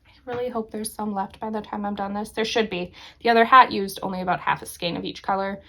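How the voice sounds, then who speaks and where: A woman's voice: medium pitch, steady tone, fast talker, sharp tone. A woman hosting a knitting podcast, chatting casually and enthusiastically as she shows her projects, laughing often. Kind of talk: casual show-and-tell chat.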